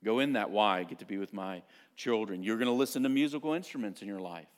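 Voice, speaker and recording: A middle-aged man preaching a sermon as pastor, telling family stories in an animated, self-mocking way. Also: lowish voice, fast talker.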